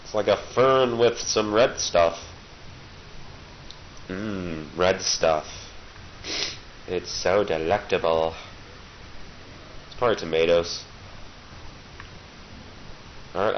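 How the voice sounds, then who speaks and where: A man's voice: low voice, expressive, takes it slowly, pauses often. A man with a cold giving casual, sarcastic gameplay commentary and playfully taunting the enemies he fights. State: has a cold. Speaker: let's play gamer. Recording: dull lo-fi recording with faint hiss.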